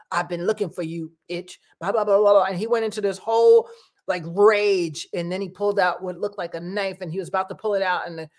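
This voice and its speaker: This is a middle-aged woman talking straight to her viewers. She rambles from one thing to the next in a casual, chatty way, and her voice turns animated when she quotes what people said. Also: medium pitch. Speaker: vlogger.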